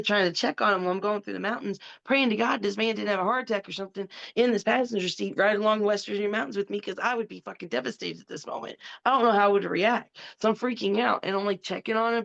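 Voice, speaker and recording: A woman in her forties, a podcast guest telling a story in a blunt, animated way and swearing freely. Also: medium pitch, vocal fry, muffled recording. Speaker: podcast guest, former wrestler. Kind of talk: casual storytelling.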